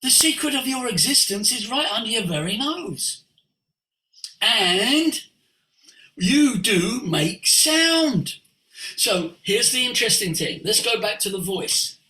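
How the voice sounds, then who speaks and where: Male voice coach, very bright and lively, preachy teaching talk, roomy video-call echo. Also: sits high, slow. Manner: animated and preachy, sweeping emphasis.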